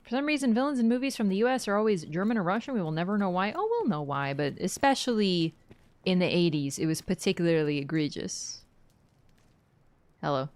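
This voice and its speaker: A woman's voice: fairly low pitch, expressive, a little fast, darkish tone, dry recording. A woman streamer commenting on a game with sarcastic, joking asides.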